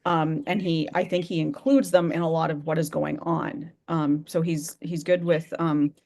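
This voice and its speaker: A woman talking casually on a video call, explaining her views in a thoughtful, measured way. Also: deep voice, flat delivery, gravelly, a little mellow.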